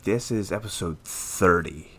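A man hosting a casual podcast, talking in a steady, rambling way with lots of fillers. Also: low-pitched, measured pace, slightly rough. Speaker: podcast host.

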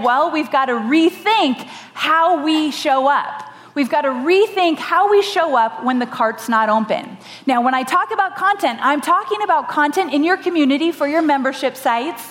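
A woman giving a lively storytelling keynote on stage, animated and laughing often, with dramatic voices for the people in her story. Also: sits high. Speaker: podcast host giving a conference talk. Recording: live talk with long hall reverb.

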